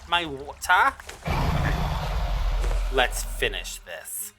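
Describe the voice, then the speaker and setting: A gaming video creator giving excitable let's-play commentary, exclaiming in surprise and talking back to the monsters on screen. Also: mid-range voice, slow, long pauses. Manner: excitable, frequent startled exclamations; talks to the game mobs. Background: background music.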